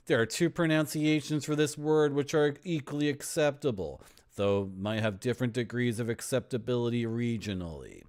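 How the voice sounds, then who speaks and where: A man from Toronto, Canada, streams gameplay commentary, playfully reading game text aloud and rambling while toying with words. His voice is medium-pitched and a little mellow, moving at normal speed with hardly any pauses.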